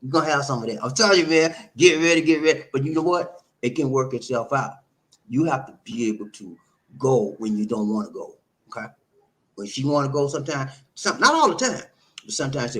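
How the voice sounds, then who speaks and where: A middle-aged man hosting a live stream, giving relationship advice in a loose, animated, repetitive way and laughing often. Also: medium pitch, fast. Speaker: host answering viewer comments.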